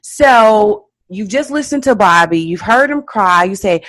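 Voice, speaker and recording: Emphatic woman parenting coach, lively pitch. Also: measured pace. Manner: emphatic, repeats key points with frequent "okay?" check-ins. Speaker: parenting coach and podcast host. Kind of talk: instructional podcast advice.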